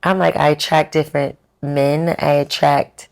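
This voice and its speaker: A woman's voice: low-pitched, little pitch movement, moderate pace. A woman talking candidly as an interview guest, telling stories with animation and acting out her own past words. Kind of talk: candid casual chat.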